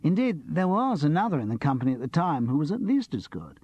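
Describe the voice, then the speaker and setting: Theatrical young actor, as a male narrator voices him, high and lively, camp, mocking. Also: quick pace, slightly rough, dry recording, dull audio, exaggerated voice. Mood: drawling.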